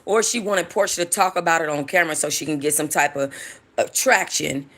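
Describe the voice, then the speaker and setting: A woman hosting casual gossip commentary about reality TV, chatty, animated and profane. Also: deep voice, brisk. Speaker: host.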